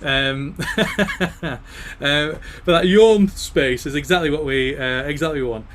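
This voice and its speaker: A man's voice: fairly high pitch, moderate pace, fairly bright tone. A man leading an online choir rehearsal. He talks through the music, often singing phrases to demonstrate. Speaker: choir director.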